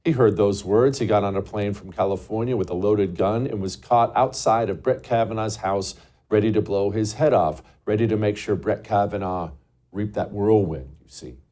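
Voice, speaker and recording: A man's voice: on the low side, normal speed, mellow. A man hosting a show, delivering a scornful, emphatic political commentary monologue full of rhetorical questions. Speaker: show host.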